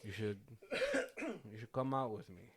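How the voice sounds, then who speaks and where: A man's voice: lowish voice, a little slow. A man hosting a casual movie commentary chat, retelling scenes with quoted lines and frequent laughs. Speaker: podcast host.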